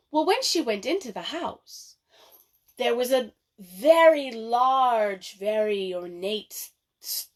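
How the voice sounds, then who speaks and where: High-voiced expressive storyteller woman. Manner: expressive, dramatic read-aloud. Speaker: librarian storyteller. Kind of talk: children's storytelling.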